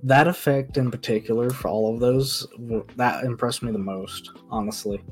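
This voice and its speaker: A man's voice: medium pitch, steady tone, moderate pace. A man co-hosting a casual podcast over an online call, loose and swearing freely. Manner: loose, swears, laughs often. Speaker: podcast co-host. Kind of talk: casual chat. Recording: online call, faint music behind.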